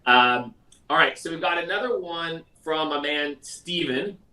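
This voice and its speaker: A man hosting a live sales question-and-answer stream in a casual, energetic, conversational way. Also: a little slow. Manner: energetic, conversational, mimics others in a high voice. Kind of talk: casual livestream talk. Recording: roomy echo, mic at a distance.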